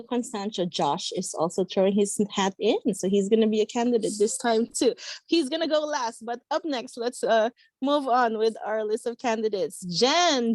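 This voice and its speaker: A woman's voice: a little high, a little mellow, dry recording. A woman hosting an online meeting, playful and teasing as she moves through the agenda. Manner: playful, teasing, laughs often. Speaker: meeting host.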